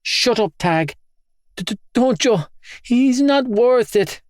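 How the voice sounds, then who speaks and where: A man voicing a frightened, tender teenage girl who pleads softly and tearfully, well above his own pitch. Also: a little slow, creaky, no room sound, studio quality. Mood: pleading.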